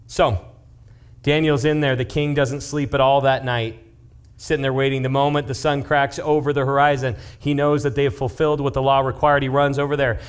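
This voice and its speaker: A young man, a youth pastor, preaching in a casual, animated way, retelling a story and dropping into hushed asides. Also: mid-range voice, clear, resonant tone. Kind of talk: youth-group sermon storytelling.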